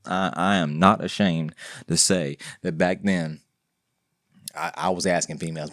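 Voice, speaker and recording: A deep-voiced man hosts his own podcast, speaking alone with a sing-song lilt at a moderate pace. His casual monologue rambles with slang, jokes and frequent restarts, captured in a dry, clean studio recording.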